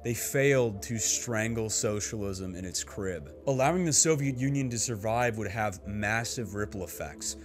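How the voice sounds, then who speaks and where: A man's voice: lowish voice, normal speed, few pauses, soft background music. A man giving scripted narration for a history video essay, with a dry, sardonic humor.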